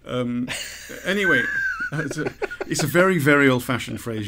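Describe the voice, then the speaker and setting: A man's voice: mid-range voice, a little fast, few pauses, sharp tone, a little hiss or hum. A man co-hosting a podcast, reading listener letters aloud with frequent laughs and restarts. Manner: chatty, laughs often, stumbles and restarts while reading. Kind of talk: casual chat.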